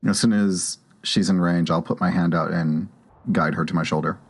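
A man playing a tabletop game, calmly speaking in character and describing his actions. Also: deep voice, normal speed, husky. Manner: calm, in-character speech mixed with narration. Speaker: player. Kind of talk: tabletop role-play.

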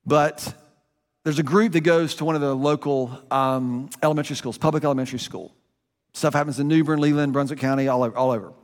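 A man's voice: fairly high pitch, fairly even intonation, fast talker. A man preaching a conversational sermon, his voice rising and dropping for emphasis. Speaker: pastor. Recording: long reverb of a large room.

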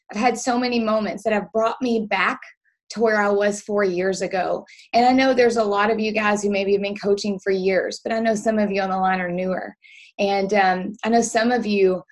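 A woman with a Southern US accent speaking passionately to a coaching call and asking her listeners rhetorical questions. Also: a little high. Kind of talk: motivational testimony.

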